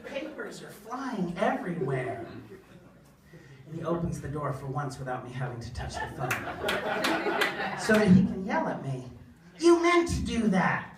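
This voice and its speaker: A woman performing a funny personal story live before an audience, animated and self-deprecating, acting out the other voices. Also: sits low, moderate pace, long pauses, a crowd in the background. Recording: echoey room, far mic, audience.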